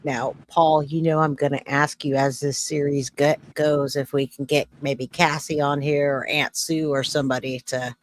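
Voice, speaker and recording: A man's voice: a little high, level tone, normal speed, few pauses, dry recording. A man hosting a podcast interview, talking loosely and stumbling over his words. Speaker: podcast host. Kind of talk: casual interview.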